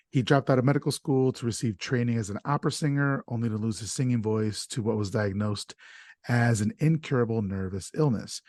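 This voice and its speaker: A man's voice: mid-range voice, a little mellow, no room sound, studio quality. A man hosting a casual podcast chat, talking loosely and stumbling over names, with an easy laugh. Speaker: podcast host.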